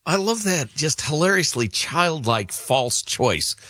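A man's voice: on the high side, lively intonation, slow, pushed and bright, no echo, studio quality. A man hosting a podcast, chatting casually and mocking the clips, often breaking into laughter. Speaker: podcast host. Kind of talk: casual chat.

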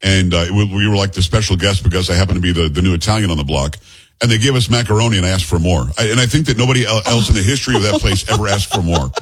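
A man hosting a talk radio show, bantering and telling stories in an animated, joking way. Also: fairly low pitch, breathy edge. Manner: animated, joking, quick-fire storytelling.

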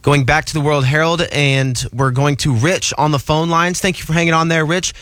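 A man co-hosting a talk radio show, briskly reading listener emails and taking calls. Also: fairly high pitch, steady tone, fairly bright tone, no room sound. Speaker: radio co-host. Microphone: studio mic.

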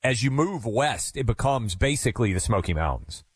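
A man's voice: medium pitch, expressive, normal speed, husky, no echo. A man co-hosting a talk show, explaining things casually and thinking aloud as he searches for words. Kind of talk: casual conversational chat.

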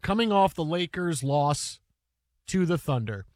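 A male sports talk co-host with a high-pitched voice tells stories in a casual, animated way, acting out what people said. The sound is dry and close, with no room echo. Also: a little slow, soft background music. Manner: animated storytelling, acts out quotes.

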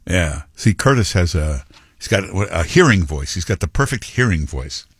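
A man's voice: sits low, sing-song, normal speed, fairly bright tone, slightly rough. A man hosting talk radio, chatting casually about local politics with lots of asides and restarts.

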